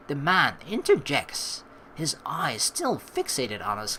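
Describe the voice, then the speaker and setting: Animated woman reading a game aloud. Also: deep voice, slow pace, husky, poor audio. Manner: animated, sarcastic, swearing asides. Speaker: let's play host. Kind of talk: reading a visual novel aloud with commentary.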